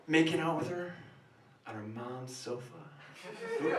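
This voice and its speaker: A man performing a stand-up comedy monologue in a small café, telling an animated story that swings between hushed asides and sudden loud outbursts. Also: a little high, measured pace, background noise. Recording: roomy café sound from a distant camera.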